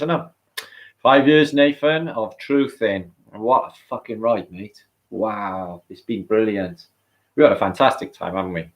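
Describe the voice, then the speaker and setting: A middle-aged British man hosting a livestream, chatting casually, rambling and swearing as he reads out viewer comments. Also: lowish voice. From Britain. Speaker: livestream host.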